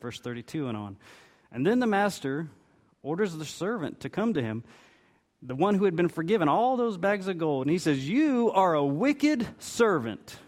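Middle-aged guy preaching, fairly high voice, swings up and down a lot as he tells the story. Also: moderate pace. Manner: expressive storytelling preaching, voicing the parable's characters. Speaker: pastor. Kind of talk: sermon.

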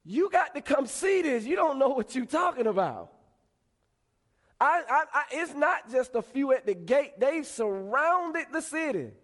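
A man's voice: extremely high pitch, sing-song, unhurried, fairly bright tone, big-room sound, pitched above the performer's own voice, full character voice. A man voicing a panicked young male servant who stammers in alarm. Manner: frantic, stammering.

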